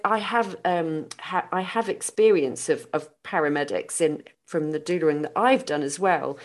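A woman hosting a podcast interview, talking thoughtfully with many restarts. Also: fairly low pitch. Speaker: podcast host. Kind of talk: casual conversational interview.

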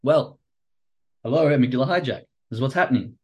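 A man hosting a livestream, explaining trading psychology in casual, animated talk, acting out quoted reactions and swearing casually. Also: medium pitch, a little fast, husky. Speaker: podcast host and trading coach.

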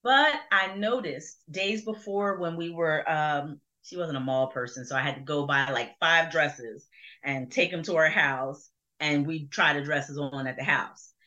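Low-voiced woman telling a heartfelt testimony. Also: unhurried, pushed and bright. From Burlington, New Jersey. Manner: earnest, reflective, with many fillers. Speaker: guest. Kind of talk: personal testimony in conversation. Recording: dull lo-fi sound.

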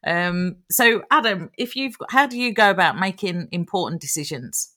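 A man co-hosts a relaxed interview with a bright, sharp voice. He is enthusiastic and rambles a little before he gets to his point. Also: high-pitched, normal speed. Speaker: co-host. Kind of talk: casual interview chat.

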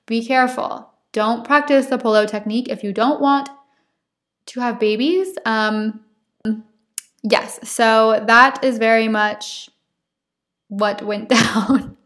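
A woman's voice: fairly high pitch, steady tone, takes it slowly, fairly bright tone. A young woman hosting her own podcast, talking openly and chattily with frequent laughs. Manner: open, chatty, laughs often. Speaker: podcast host. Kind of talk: casual solo podcast monologue.

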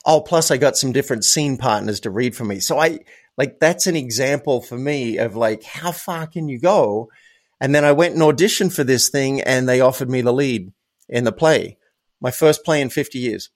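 A man's voice: medium pitch, moderate pace. A man speaking as a podcast guest, telling personal anecdotes in an emphatic, conversational way and repeating words to stress them. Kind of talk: casual interview storytelling.

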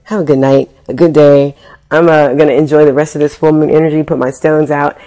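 A woman's voice: low voice, steady tone, brisk, mellow. A woman vlogging, telling a story in a casual, slangy way with swearing and acted-out quotes.

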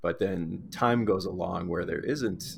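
A man hosting an interview, asking questions in a measured, affirming way. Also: low-pitched, vocal fry. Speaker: podcast host. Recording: noisy background.

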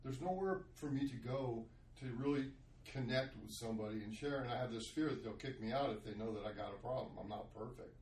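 A man's voice: mid-range voice, fairly quick, darkish tone, echoey room, recorded from a distance, slight background noise, rough recording. A man telling his own story candidly as a guest, in an earnest, confessional way with frequent restarts. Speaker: guest sharing his testimony.

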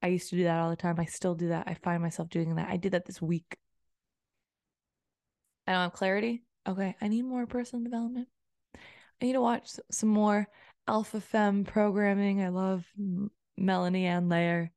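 A woman's voice: mid-range voice, flat delivery, normal speed, darkish tone, no echo, studio quality. A woman coach talking casually on her own podcast, rambling and repeating phrases as she quotes her own self-talk. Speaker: personal development coach and podcaster. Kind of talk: casual solo podcast monologue.

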